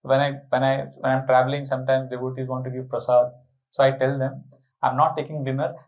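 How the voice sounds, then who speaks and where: Man, sermon storyteller, animated, asks the crowd questions. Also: mid-range voice, fast, poor audio. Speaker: spiritual speaker.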